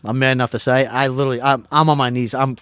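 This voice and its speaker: A middle-aged man from Pennsylvania tells a long story as a guest on a podcast. His delivery is casual and excitable, full of restarts and repeated words, at an everyday mid pitch. The sound is close and dry, with no room echo. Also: fast, clear, resonant tone.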